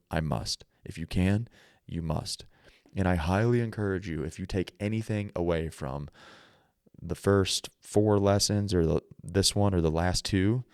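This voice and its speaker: A man's voice: deep voice, creaky, darkish tone, no room sound, studio quality. A man hosting his own podcast, telling stories and giving earnest, emphatic advice in a conversational way. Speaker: podcast host. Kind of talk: solo podcast monologue.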